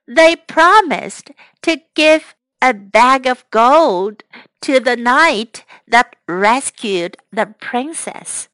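Woman teacher, children's story reading, high voice, dry close sound. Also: no room sound. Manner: slow, clear and expressive storytelling. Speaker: English teacher.

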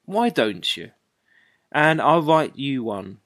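A woman's voice: rumbling low, big pitch swings, slow pace, dry recording, clean studio sound, full character voice. A woman voicing Jack, a careless and easily irritated man on the phone, in a dialogue drama reading. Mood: impatient. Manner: brusque, offhand and easily irritated. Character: careless, impatient man on a bad long-distance phone line.

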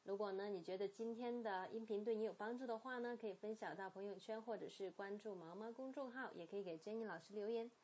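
A woman teaching English pronunciation in a clear lesson style, modelling words and sounds slowly and repeating them, with explanations in Mandarin. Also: medium pitch, a little mellow, slight background noise.

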